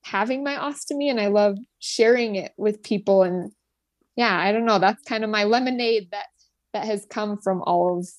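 A young woman in her twenties talks earnestly and gratefully about her work as a nurse, often restarting her sentences and filling gaps with "like" and "you know". Her voice sits at a middle pitch, and the room is dry and close. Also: moderate pace, no room sound. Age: 20s. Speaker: guest, nurse. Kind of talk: personal story in an interview.

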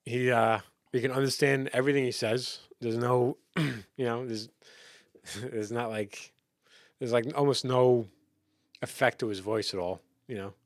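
A man co-hosting a casual music chat, talking in rambling, halting runs with many fillers and restarts. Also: medium pitch, steady tone, no room sound, studio quality. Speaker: podcast co-host.

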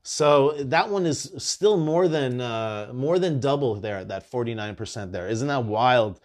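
Unhurried and mid-range in tone, this male podcaster chats casually, telling stories with energy and plenty of swearing.

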